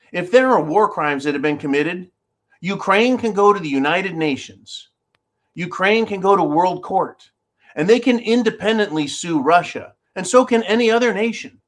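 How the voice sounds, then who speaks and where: Male host, fairly high voice, sarcastic and combative commentary addressed to his audience. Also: fairly bright tone. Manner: sarcastic, combative, talks straight to viewers. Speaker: show host. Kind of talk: opinionated commentary.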